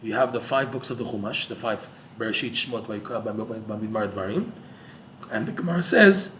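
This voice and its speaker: A man giving a lively Torah class to a live audience, joking and using Hebrew terms. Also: lowish voice, moderate pace, a little hiss or hum. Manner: animated, jokey, uses Hebrew terms. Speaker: Torah teacher.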